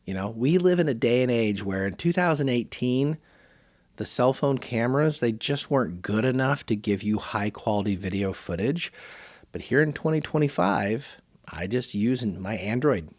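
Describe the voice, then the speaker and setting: A man hosting his podcast, talking casually to camera in one take, with lively emphasis and a habit of saying "right", recorded on a phone camera. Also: mid-range voice, moderate pace, dry recording. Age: adult, working a full-time job. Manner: conversational, varied emphasis, often says "right". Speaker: podcast host.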